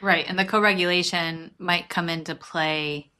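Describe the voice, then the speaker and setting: Woman, podcast co-host, low pitch, bright tone, conversational. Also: steady tone, moderate pace. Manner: conversational, agreeing and building on points. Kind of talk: casual chat.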